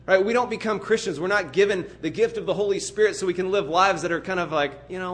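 Earnest, higher-voiced man preaching a sermon. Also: fast talker, few pauses, fairly bright tone. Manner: earnest, emphatic, builds vivid everyday illustrations. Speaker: pastor. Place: church.

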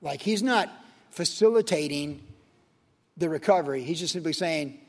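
A man's voice: a little high, normal speed. A man teaching verse by verse as a pastor, reading scripture and then talking it through casually with fillers and rhetorical questions. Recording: long hall reverb.

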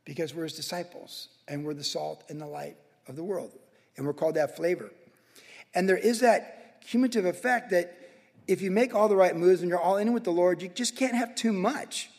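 A man pastor preaching a sermon in a church, energetic and casual, with slang. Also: high-pitched, fairly quick, creaky, long reverb tail. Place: church sanctuary with congregation.

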